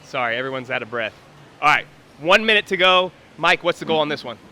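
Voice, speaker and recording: A man's voice: fairly high pitch, animated, brisk, bright, forceful tone. A man coaching and commenting live on a workout in a gym, explaining technique and calling out times.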